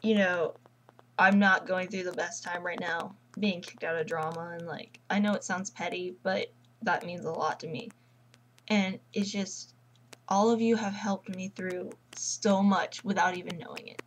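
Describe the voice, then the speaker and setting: A teenage girl vlogging casually at home, rambling and gushing like an excited fangirl. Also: fairly low pitch, unhurried, slight background noise, low-quality recording. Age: teens. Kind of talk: casual chat.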